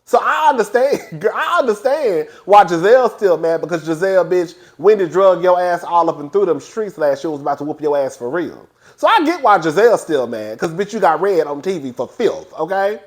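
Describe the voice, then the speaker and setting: A man reviewing a reality TV episode in casual, animated, gossipy commentary. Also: brisk, hardly any pauses. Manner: animated, gossipy, acts out quotes in high voices.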